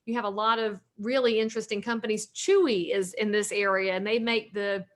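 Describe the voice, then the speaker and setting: A woman's voice: mid-range voice, steady tone, fairly quick. A woman in her forties from North Carolina with a Southern US accent, a realtor and author talking at length in a casual interview, upbeat and joking.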